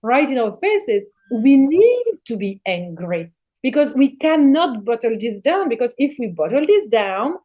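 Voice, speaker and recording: A woman's voice: on the high side, very animated, unhurried, warm tone, dull audio. A middle-aged woman talking as a podcast guest in a casual spiritual conversation, emphatic and passionate, swearing freely.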